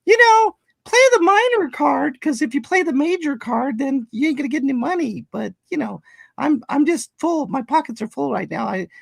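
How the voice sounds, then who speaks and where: A man voicing a crude, rambling old man with a high creaky falsetto, stammering through a comedy reading. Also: lively intonation, normal speed, dry recording, full character voice.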